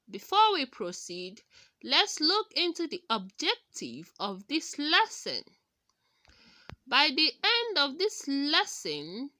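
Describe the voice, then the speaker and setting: Woman from nigeria teaching english online, high voice, slow and careful, lots of rise and fall. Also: dry recording. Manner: slow, lively teacherly delivery.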